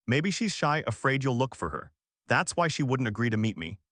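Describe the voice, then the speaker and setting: A man's voice: mid-range voice, big pitch swings, normal speed, fairly bright tone, no room sound, clean studio sound. A man reading a storybook, voicing a puzzled young male college athlete.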